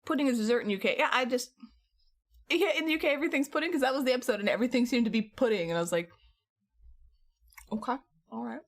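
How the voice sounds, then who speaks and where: A woman's voice: high-pitched, rapid-fire. A woman streamer chatting casually with her viewers from home, rambling along and laughing often.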